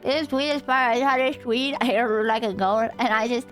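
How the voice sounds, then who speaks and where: High-voiced rambling woman streamer. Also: normal speed. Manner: rambling and excitable, says "dude" often; laughs often, trails off into restarts. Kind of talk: casual livestream chat with viewers. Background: faint background music.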